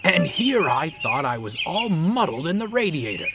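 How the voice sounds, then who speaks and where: A man voicing a gentle, anxious male engine who talks eagerly and hopefully, in a noisy recording. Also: on the high side, sing-song, normal speed, voice pushed up. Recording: loud background noise.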